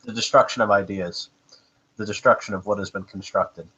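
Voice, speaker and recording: A man reading tarot cards for friends on a video call, explaining each card in a measured way. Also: on the low side, steady tone, pushed and bright, breathy edge, muffled recording. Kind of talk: casual group video call chat.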